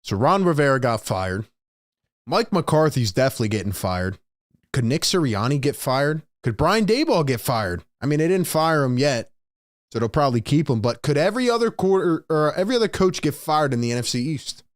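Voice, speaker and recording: A man's voice: a little high, big pitch swings, brisk, dry recording. Dry-voiced ranting sports streamer, a man. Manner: exasperated, ranting. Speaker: sports talk host. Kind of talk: live-stream commentary.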